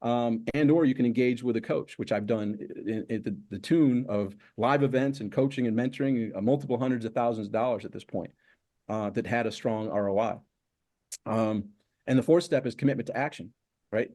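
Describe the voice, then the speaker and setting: A man's voice: medium pitch, a little fast, mellow. A middle-aged man being interviewed as a success coach, talking in emphatic, repeated lists of steps. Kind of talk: interview conversation.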